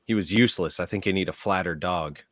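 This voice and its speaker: A man's voice: low-pitched, quick pace, dry recording. A man co-hosting a podcast, telling dad jokes with teasing, mock-grumpy banter. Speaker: podcast co-host.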